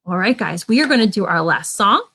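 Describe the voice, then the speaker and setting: A woman leading an online children's church lesson at home, gently asking the kids questions and encouraging them. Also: mid-range voice, lively intonation, a little fast, breathy edge.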